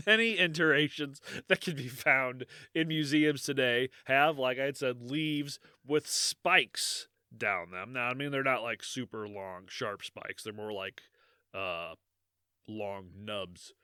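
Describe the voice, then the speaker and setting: A man co-hosting a podcast, telling a dark history in a joking, rambling way and laughing often. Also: medium pitch, slow, clear, resonant tone, dry recording, clean studio sound. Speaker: podcast co-host. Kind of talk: casual podcast chat.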